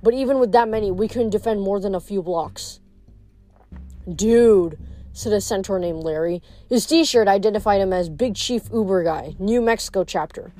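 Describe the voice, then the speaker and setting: A woman's voice: medium pitch, fairly quick, few pauses, warm tone, faint music behind. A woman reading a novel aloud in a casual manner, stumbling and restarting words now and then. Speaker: reader.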